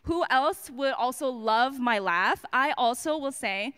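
A woman's voice: high voice, lively intonation, unhurried, pushed and bright, clean tone. A woman giving a personal testimony at a church service, chatty and self-mocking, with lots of fillers and restarts.

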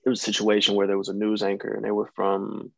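A man's voice: on the low side, monotone, quick pace, gravelly, darkish tone, no echo. A young adult man from the United States, an actor talking casually as a guest, rambling and hesitant, with many restarts. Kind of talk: casual conversation.

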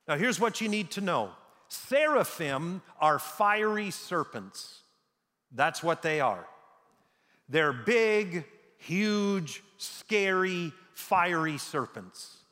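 A man's voice: sits high, a bit bright. A man preaching a sermon, reading scripture dramatically and stressing key words. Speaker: pastor. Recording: long hall reverb.

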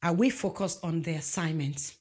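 A woman's voice: deep voice, normal speed, a little mellow, breathy edge. A woman preaching a sermon, emphatic and asking the congregation rhetorical questions.

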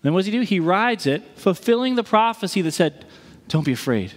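A man preaching a sermon in a conversational, animated way, acting out the voices he quotes. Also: sits high, fairly quick. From Missouri. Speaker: pastor. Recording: reverberant hall.

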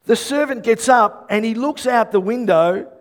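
A male pastor preaching an animated sermon, telling stories and rising to loud bursts. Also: very high voice, normal speed.

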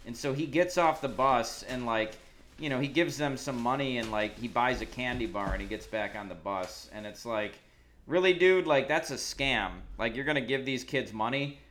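A man's voice: mid-range voice, normal speed, a bit bright. A man and podcast co-host giving an easygoing, wry recap in casual chat.

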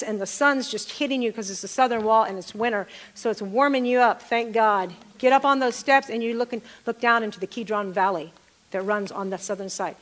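A middle-aged woman preaching a sermon, calling out to the congregation and repeating phrases for emphasis. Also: fairly high pitch.

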